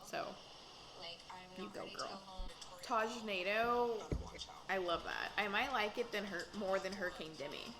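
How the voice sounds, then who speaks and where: A woman hosting a casual reaction recap of a reality dating show, chatting in a gossipy way with quick asides and bursts of laughter. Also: mid-range voice, music in the background, rough recording.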